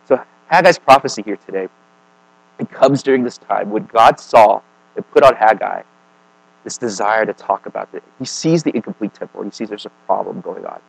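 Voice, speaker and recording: A man preaching a sermon in a casual, conversational way, often checking in with "right?" and "okay?", swinging between emphatic and quiet. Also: lowish voice, moderate pace, vocal fry, no echo, rough recording.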